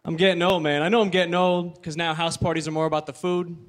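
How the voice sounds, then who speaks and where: A man performing a stand-up routine with deadpan, repeated setups. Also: on the high side, fast talker, slight background noise. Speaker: stand-up comedian.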